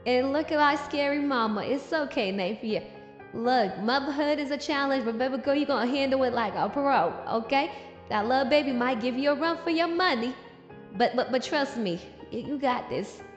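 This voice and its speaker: Sassy woman comic-recap host, high-pitched and playful, echoey room with faint music. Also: normal speed, lo-fi sound. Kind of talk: casual comic review commentary.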